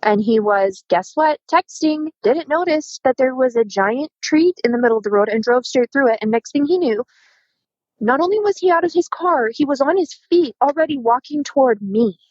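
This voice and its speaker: A woman's voice: sits high, normal speed, dry recording, lo-fi sound. A woman in her thirties telling a dramatic personal story in casual conversation, acting out the voices of the people in it. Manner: animated, acts out quoted dialogue. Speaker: podcast guest.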